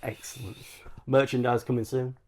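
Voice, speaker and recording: A man co-hosting a podcast, telling stories in relaxed, jokey banter. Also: mid-range voice, normal speed. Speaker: podcast co-host. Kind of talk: casual chat.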